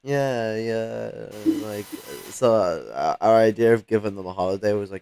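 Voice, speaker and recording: A man's voice: fairly low pitch, moderate pace, creaky, few pauses, mellow, smooth. A man in casual chat, full of fillers and casual swearing.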